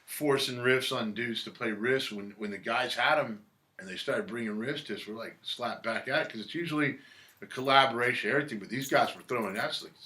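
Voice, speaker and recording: A man's voice: medium pitch, a little fast, bright, forceful tone. A man telling stories in a casual interview, laid-back, swearing freely and acting out what others said. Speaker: musician guest. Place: record shop.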